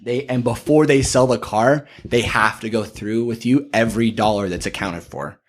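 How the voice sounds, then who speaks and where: A man's voice: medium pitch, normal speed. A young man, a podcast guest, chatting casually and acting out customers and salesmen as he tells stories. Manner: animated storyteller, acts out customers and salesmen. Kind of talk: casual chat.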